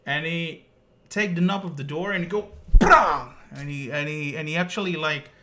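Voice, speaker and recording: A man's voice: on the high side, brisk, pushed and bright. Man in a rambling, swearing rant. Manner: rambling, swears, many "like" fillers. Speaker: streamer. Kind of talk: casual storytelling rant.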